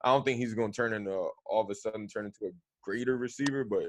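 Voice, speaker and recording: A man's voice: lowish voice, quick pace, slight background noise. A man co-hosting a sports podcast, talking bluntly and emphatically with casual profanity. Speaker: podcast co-host.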